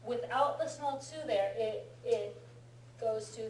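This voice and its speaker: A woman's voice: fairly high pitch, slow pace, a little mellow. An American woman teaching a casual language lesson, explaining patiently and encouraging her student, with plenty of fillers. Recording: roomy room from far off, faint hum.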